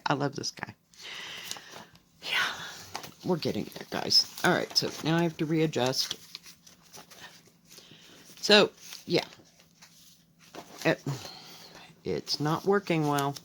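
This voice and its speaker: A woman chatting casually at home as she shows her cross-stitch projects, rambling and unhurried. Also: sits low, fairly bright tone, a little hiss or hum, poor audio. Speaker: cross-stitch video host. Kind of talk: casual crafting chat.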